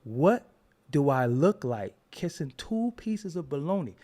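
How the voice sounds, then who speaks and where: Male show host, raised pitch, gravelly, very lively delivery, joking storyteller. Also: a little slow. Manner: animated, joking, rambling storyteller. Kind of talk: casual commentary monologue.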